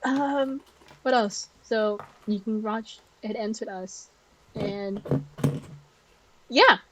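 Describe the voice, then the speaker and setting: A woman's voice: on the high side, drawn-out words, heavy background noise. A young woman with a California accent co-hosting a podcast, trading laid-back, giggly banter. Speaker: podcast co-host. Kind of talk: casual chat.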